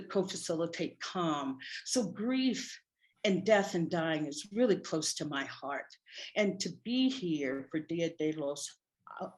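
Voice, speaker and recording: A middle-aged woman spiritual practitioner with a lowish voice tells her congregation a personal story, delivering it in an animated, wry manner.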